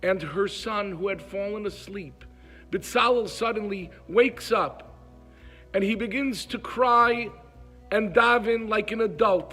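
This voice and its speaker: A man's voice: sits high, measured pace, pushed and bright, faint music behind. A man telling a moving story in an emotive way. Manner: emotive, acts out pleas in a raised voice. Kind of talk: heartfelt storytelling.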